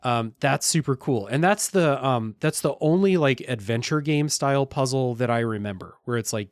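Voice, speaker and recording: A podcast co-host chatting casually about a video game, relaxed and quick to agree. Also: medium pitch, dry recording, clean studio sound. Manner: relaxed, agreeing, frequent laughs and backchannels.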